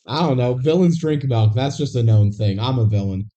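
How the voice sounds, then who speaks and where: Mellow-voiced man recapping a movie. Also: medium pitch, lively intonation, normal speed, highs cut off. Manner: rambling with many fillers. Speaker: podcast co-host. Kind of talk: casual movie recap chat.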